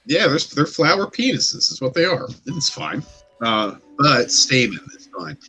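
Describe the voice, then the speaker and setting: A man narrating as game master of a tabletop game, describing scenes loosely with many fillers and pauses. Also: a little high, sing-song, bright, forceful tone.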